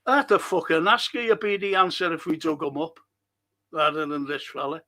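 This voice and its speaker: His pitch is fairly high, his tone sharp and expressive, and his pace moderate. On his casual fan live stream, he reads viewer comments aloud and responds with blunt, exasperated replies full of frequent swearing.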